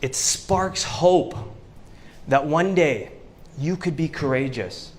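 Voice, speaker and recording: A Canadian man giving an inspirational talk to a live audience, telling stories with slow, dramatic pauses. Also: fairly high pitch. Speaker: motivational speaker. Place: event venue before a live audience.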